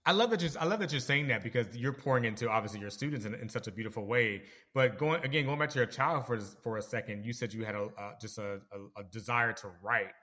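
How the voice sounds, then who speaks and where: A man's voice: mid-range voice, fast, few pauses, bright, forceful tone. A man hosting an interview, asking long, rambling questions with frequent restarts. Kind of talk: casual interview chat.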